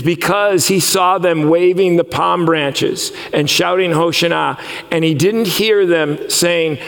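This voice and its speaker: A man delivers a sermon in a high, gravelly voice that swings between fervent calls and quiet, heavy moments. His words carry a long reverb, as if spoken in a large hall. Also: a little slow. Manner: impassioned preaching, voice rising and falling widely. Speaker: pastor.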